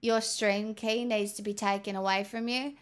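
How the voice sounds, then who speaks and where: A woman's voice: medium pitch, fairly even intonation, moderate pace, smooth. Woman streamer hopping between fake accents. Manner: hopping between put-on regional accents, swearing freely. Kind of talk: casual livestream chat.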